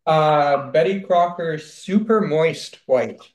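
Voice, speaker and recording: A man from Canada co-hosting a casual chat while baking, speaking in a measured, hesitant way with many ums. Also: fairly high pitch, echoey room. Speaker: podcast co-host.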